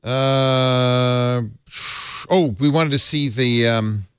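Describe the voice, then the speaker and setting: A man's voice: mid-range voice, very slow, fairly bright tone, clean tone, no room sound. A man hosting a casual tech chat in a studio, talking with many hesitant fillers. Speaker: host.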